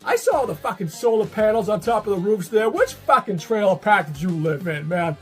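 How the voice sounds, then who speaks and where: High-voiced brash trash-talking man. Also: expressive, normal speed, breathy edge, soft background music. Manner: brash, profane and mocking. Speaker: wrestler cutting a promo. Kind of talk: trash-talking wrestling promo. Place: in a car while driving.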